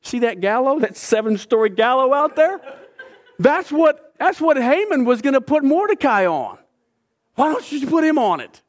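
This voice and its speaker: A man's voice: very high voice, very animated, normal speed, pitched above the performer's own voice. A man voicing an eager palace servant who chats casually to a king, in a sermon retelling.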